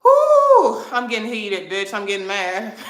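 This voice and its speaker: Brash, sharp-voiced young woman ranting. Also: medium pitch, fairly even intonation, normal speed. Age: 20s. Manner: brash, profane, defiant. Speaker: vlogger answering viewer comments. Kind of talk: heated livestream rant. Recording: echoey room.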